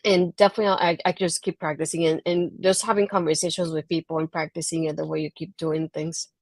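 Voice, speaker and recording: Brief: Puerto Rican woman, low and level voice, dry sound, interview guest. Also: little pitch movement, quick pace, no echo. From Puerto Rico. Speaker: guest, wrestling blogger. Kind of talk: casual interview answer.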